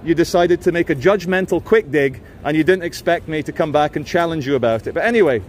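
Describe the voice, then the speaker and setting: A man's voice: fairly high pitch, quick pace, a little hiss or hum. A man vlogging outdoors on city streets, giving joking running commentary and chatting with passersby.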